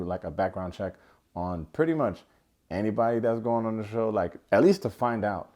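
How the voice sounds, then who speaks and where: A man's voice: on the low side, warm tone. A young man giving a casual, joking recap of a reality show, acting out quotes in funny voices. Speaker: recap vlogger.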